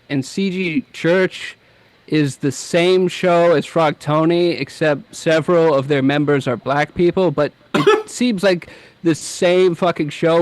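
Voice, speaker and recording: A man's voice: on the high side, no echo. A man, a comic writer, talking as a guest in casual chat, rambling with hesitant restarts and mocking quotes.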